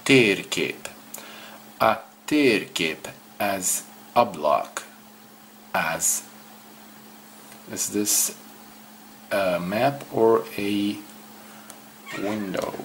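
Slow, low-voiced man. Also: fairly bright tone, slight background noise. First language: Swedish. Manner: hesitant, repeats words aloud slowly. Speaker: language learner. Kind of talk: casual self-study walkthrough.

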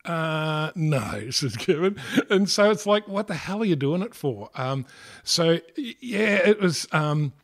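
A man's voice: sits high, animated, fairly bright tone. An older man with an Australian accent, a retired fighter pilot, telling stories in an interview with lots of fillers and restarts. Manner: halting, many fillers and restarts, laughs often. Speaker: retired air force fighter pilot, guest. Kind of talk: casual interview storytelling.

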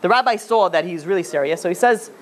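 A man's voice: sits high, animated, fast. A man, a rabbi, telling a story in a lecture, with many restarts and fillers.

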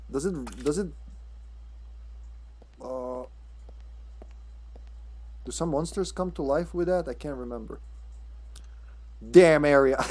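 Casting: casual male streamer, rambling and stammering commentary over gameplay, mid-pitched voice. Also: darkish tone, husky. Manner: rambling, stammering, swears and laughs a lot. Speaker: streamer playing a horror game.

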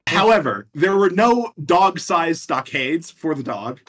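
A young man telling odd court stories on a casual podcast, animated and laughing often. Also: fairly high pitch, a little slow. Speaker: guest presenter on a podcast.

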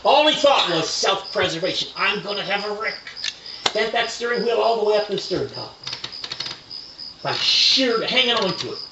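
Male evangelist, revival sermon, hushed then shouting, high lively voice, distant roomy lo-fi recording, crickets behind. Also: moderate pace, creaky, background noise. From Kentucky. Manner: storytelling, swinging between hushed and shouted emphasis. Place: tent meeting at rodeo grounds.

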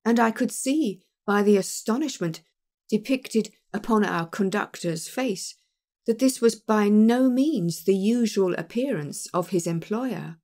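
A woman narrating an audiobook of a classic detective story in a measured, expressive reading. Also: mid-range voice.

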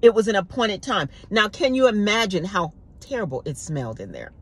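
A woman's voice: mid-range voice, big pitch swings, brisk, husky. A woman giving an informal devotional sermon, talking conversationally and repeating words for emphasis. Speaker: preacher.

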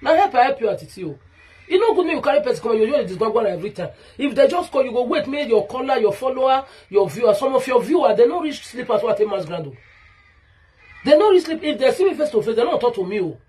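In this rant video, a Nigerian vlogger talks straight into the camera, aggrieved and repetitive, addressing her rival directly. She talks quickly in a sing-song manner, with a slightly high, somewhat dark, slightly rough voice.

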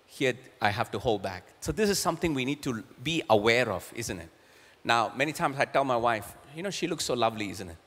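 Forceful and bright at medium pitch, a middle-aged man preaches earnestly as a pastor. The sermon echoes with long hall reverb, and he occasionally repeats words as he hunts for the right phrase.

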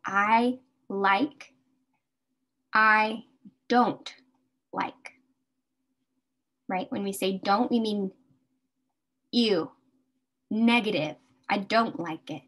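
A woman teaching a beginner English class, speaking slowly and carefully and repeating words for her learners. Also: mid-range voice, a bit bright. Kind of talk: slow beginner English lesson.

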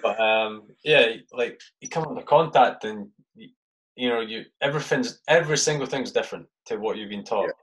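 A man's voice: medium pitch, normal speed, fairly bright tone, low-quality recording. A man hosting a casual podcast interview, rambling with fillers and frequent swearing. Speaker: podcast host.

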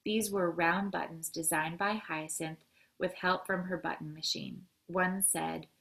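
A woman educator reading a children's novel aloud, expressive with occasional slips. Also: lowish voice, measured pace, gravelly.

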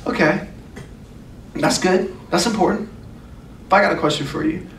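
Earnest high-voiced male youth pastor. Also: normal speed, fairly bright tone. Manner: earnest, emphatic, repeats phrases. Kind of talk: sermon. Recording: echoey room, distant mic, faint noise.

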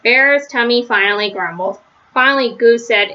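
A woman reading a children's story aloud, gentle, with small slips and restarts, on a slightly lo-fi recording. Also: fairly high pitch, normal speed. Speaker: storybook reader.

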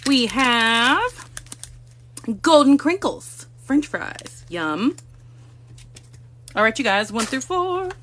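A woman's voice: high-pitched, sing-song, very slow, pauses often, fairly bright tone, slight background noise. A woman hosting a casual live stream from a room at home, chatting to viewers and cooing baby talk to her cats.

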